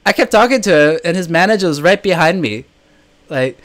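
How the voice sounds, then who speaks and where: A man's voice: sits high, animated, fairly quick. A man answering viewer questions in a casual live chat, telling stories and laughing often. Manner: chatty storytelling, laughs often.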